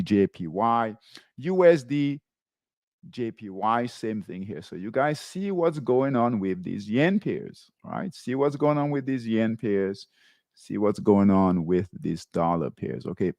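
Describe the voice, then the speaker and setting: A man's voice: medium pitch, no echo, clean studio sound. A man hosting a live trading show, talking viewers through charts and checking in with "right?" and "okay?". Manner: repeats tags like "right?" and "okay?" while pointing at charts.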